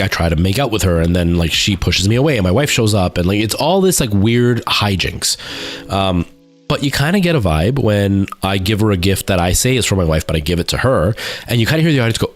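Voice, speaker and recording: A man talking casually on his live stream, telling a rambling story with many fillers and restarts. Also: lowish voice. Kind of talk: casual chat.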